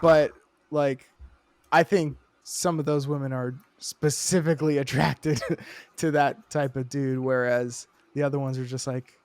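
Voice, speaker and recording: A man's voice: medium pitch, fairly even intonation, measured pace, no room sound. A man in his thirties co-hosting a casual comedy podcast, laughing often and mixing mock-formal bits into loose chat. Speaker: podcast co-host.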